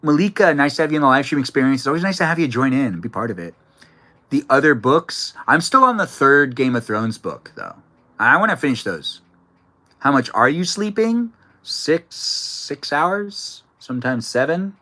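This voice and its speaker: Man, live streamer, bright voice, chatty, reads out comments. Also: mid-range voice, very animated, moderate pace, low-quality recording. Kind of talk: casual live-stream chat.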